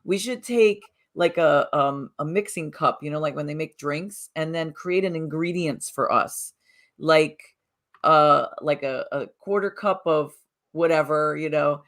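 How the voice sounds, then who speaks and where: A Southern Connecticut morning chat show co-host, she talks in an upbeat, chatty way that tends to ramble. Her voice is low and her delivery a little slow.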